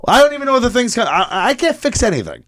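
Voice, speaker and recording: Homem contando história animado e palavrão. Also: male voice, very high voice, rapid-fire, no echo, clean studio sound. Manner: animated, profane, acts out quotes. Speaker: podcast co-host. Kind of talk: casual storytelling chat.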